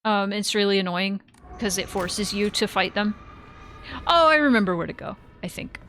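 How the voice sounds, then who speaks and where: A woman giving casual let's-play commentary, chatty and rambling with frequent self-corrections. Her voice sits in a middle pitch, with a faint hiss behind it. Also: expressive, normal speed, fairly bright tone. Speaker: streamer.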